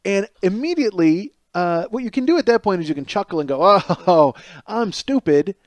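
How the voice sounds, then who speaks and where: A man's voice: sits high, big pitch swings, quick pace, darkish tone, no room sound. A man hosting a podcast, telling a profane, self-mocking comic story alone and acting out the people in it. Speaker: podcast host. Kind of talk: comedic storytelling monologue.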